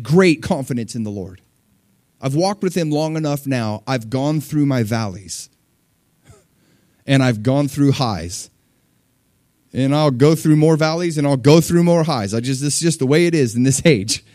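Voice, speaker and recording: A man preaching a sermon, conversational with fillers and small laughs, rising to loud peaks and dropping to hushed asides. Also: on the high side, expressive, normal speed, no echo, studio quality. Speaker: pastor.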